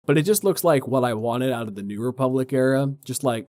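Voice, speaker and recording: A man's voice: mid-range voice, lively intonation, a little fast, a little mellow, no echo, clean studio sound. A man co-hosting a podcast in casual chat, agreeable and enthusiastic. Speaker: podcast co-host.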